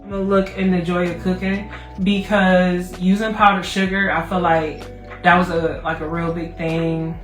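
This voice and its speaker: Loud cussing woman baking host, low-ish voice, sounds a bit far from the mic in a roomy space. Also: level tone, moderate pace, faint music behind. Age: 30s. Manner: profane, loud comic rants. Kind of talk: casual livestream chat.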